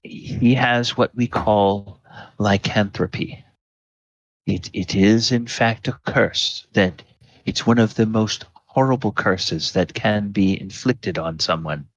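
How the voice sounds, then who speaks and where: A kindly old village priest in a tabletop game, as the game master puts him on, with a low, gentle voice. He speaks slowly and reassuringly. The recording sounds dry and a little dull. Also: no room sound. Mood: grave. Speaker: priest character.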